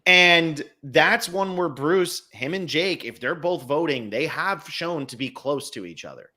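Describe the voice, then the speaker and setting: A man's voice: a little high, animated, measured pace, bright, forceful tone. A man co-hosting a casual podcast, analytically talking through scenarios step by step. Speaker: podcast co-host.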